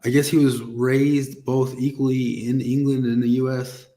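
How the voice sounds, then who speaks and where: A man's voice: mid-range voice, level tone, normal speed, mellow. A man, a podcast co-host, chatting in an easygoing way, often laughing and trailing off. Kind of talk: casual chat.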